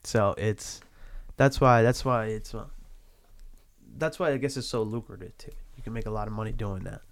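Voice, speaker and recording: A man's voice: on the low side, moderate pace, creaky. A man talking casually as an interview guest about his DJ work, laid-back, with many fillers and restarts. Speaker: mobile DJ guest.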